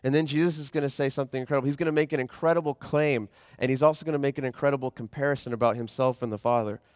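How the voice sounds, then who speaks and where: A man preaching a sermon as pastor in a conversational, animated way, slowing down when he reads scripture. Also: medium pitch, dry recording, clean studio sound.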